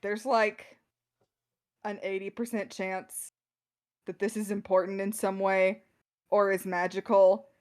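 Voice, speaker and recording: A woman's voice: medium pitch, little pitch movement, slow pace, pauses often, darkish tone, natural voice. Blunt ex-commander soldier, read by a woman in her own voice; matter-of-fact delivery.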